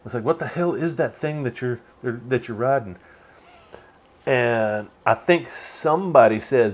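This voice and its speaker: A man's voice: medium pitch, measured pace. Laid-back male host, rambling commentary with frequent laughs and some cursing. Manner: rambling, laughs often, swears. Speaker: channel host. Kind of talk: casual movie commentary.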